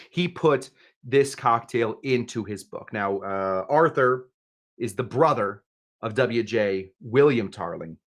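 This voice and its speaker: Chatty, joking bartender host. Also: male voice, mid-range voice, expressive, slow pace. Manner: chatty, jokey asides, frequent restarts. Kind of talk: casual livestream cocktail demo.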